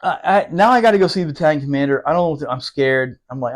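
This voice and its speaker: A man telling a rough, profane story from his military days in casual podcast talk, laughing and doing quick impressions. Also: medium pitch. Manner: profane, animated, laughing, fast asides.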